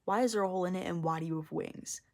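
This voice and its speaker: Woman voicing a church caretaker guy, blunt, swears, offhand, lowish voice. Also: racing, close to an everyday voice.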